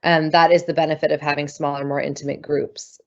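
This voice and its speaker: A woman's voice: low voice, flat delivery, a little fast, a little mellow, muffled recording. A woman speaking as a podcast guest in casual chat, enthusiastic and open, with a spiritual tone. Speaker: podcast guest, voice and singing group leader.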